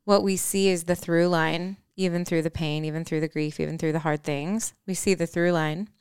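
A woman's voice: on the low side, steady tone, moderate pace, darkish tone, smooth, no room sound, studio quality. A woman with a Midwestern American accent co-hosting a podcast, talking in a thoughtful, affirming way. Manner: affirming, thoughtful, frequent mm-hmms. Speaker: podcast co-host. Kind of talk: reflective casual conversation.

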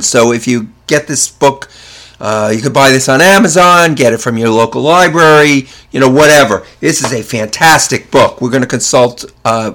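A man hosting a casual podcast, chatting in a relaxed way and reading a recipe aloud. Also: medium pitch. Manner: relaxed, chatty, self-correcting. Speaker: podcast host.

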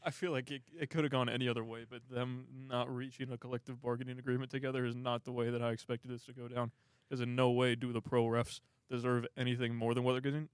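A man's voice: medium pitch, little pitch movement, fast, few pauses, clear, resonant tone, dry recording. Blunt opinionated man on a fan podcast. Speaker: podcast co-host. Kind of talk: casual fan podcast chat.

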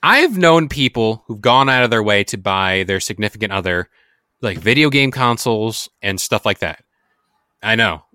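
A man's voice: fairly low pitch, animated, normal speed, bright, forceful tone, no room sound, studio quality. A young man co-hosting a casual podcast, joking and rambling as he talks. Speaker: podcast co-host. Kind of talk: casual podcast chat and read ad.

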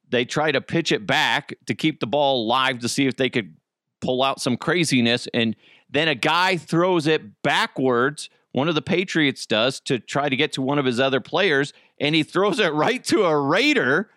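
A man's voice: fairly high pitch, a bit bright, no room sound, studio quality. Profane ranting podcast host, man. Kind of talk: solo podcast rant.

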